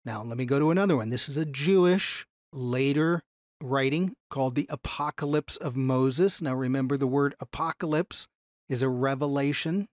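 A man teaching a Bible class from slides in an animated way, slowing down to stress key phrases. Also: mid-range voice, no room sound, clean studio sound.

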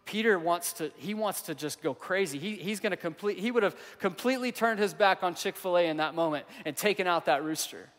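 A male pastor preaching a sermon in a church hall, his fairly high voice carrying with a long reverb. He tells a story and acts out the quotes, swinging between loud bursts and hushed stretches.

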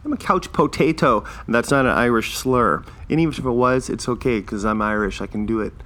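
A man's voice: mid-range voice, fairly quick, fairly bright tone. A man in his fifties from Canada, hosting a casual solo podcast and rambling through his life in a loose, self-deprecating way. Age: 50s. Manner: rambling, self-deprecating, chuckles at own jokes. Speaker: podcast host.

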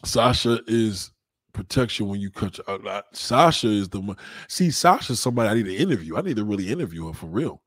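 A young man hosts a casual livestream and speaks directly to his viewers, rambling and swearing with plenty of street slang and shout-outs. He is very animated and a little fast, and his fairly low voice comes through dry, with no room sound around it.

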